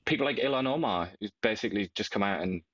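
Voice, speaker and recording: Low-voiced man on dull, dry audio. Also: expressive, a bit bright. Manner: reflective, measured, tag questions. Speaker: co-host. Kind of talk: political talk show commentary.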